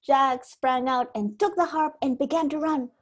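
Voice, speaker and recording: A woman preschool teacher reading a storybook aloud to children in an expressive storytelling manner. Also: high-pitched, normal speed.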